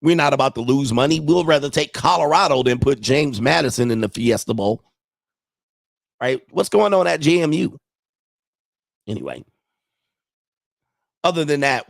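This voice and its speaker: A man's voice: mid-range voice, lively intonation, normal speed, vocal fry, pauses often, no room sound, clean studio sound. A man hosting a casual sports livestream, thinking aloud as he goes and chuckling often while he reads viewer messages. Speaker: sports show host.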